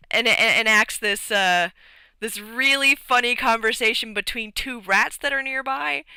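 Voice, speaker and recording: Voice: medium pitch, pushed and bright, smooth, dry recording, rough recording. A streamer rambling through a casual recap of a tabletop game session, with lots of fillers and restarts.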